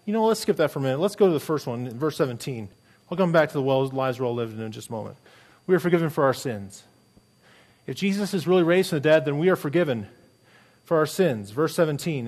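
A man's voice: on the high side, animated, fast talker, a little mellow. A middle-aged man, a pastor, preaching a sermon earnestly and emphatically, with many rhetorical questions.

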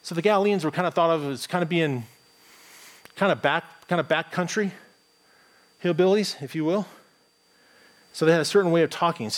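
A man's voice: on the high side, brisk, pauses often. A man with a plain American accent, a pastor preaching a morning sermon in a conversational, thinking-aloud way with frequent restarts. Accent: General American.

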